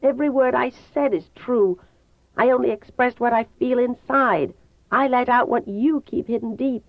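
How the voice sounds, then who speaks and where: A woman's voice: on the high side, moderate pace, no echo, pitched above the performer's own voice, close to an everyday voice. A woman voicing a defiant teenage girl. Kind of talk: audiobook reading. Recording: tinny phone-like dry sound.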